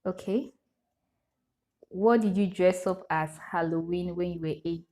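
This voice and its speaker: A young woman with a Nigerian English accent vlogs straight to camera in a casual Q&A, reading each question aloud before answering it. Her voice is a little low for a woman, unhurried and darkish in tone, and she laughs often as she chats.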